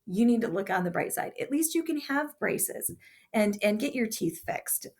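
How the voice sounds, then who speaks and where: A woman's voice: on the high side, animated, normal speed. A woman voicing her kindly, cheerful older grandmother inside a story she tells her class. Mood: coaxing.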